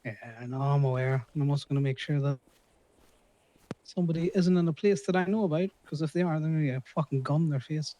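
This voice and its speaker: A man's voice: a little high, fast, mellow. A man talking casually in character in a roleplay game, terse and tough-talking. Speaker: roleplay player.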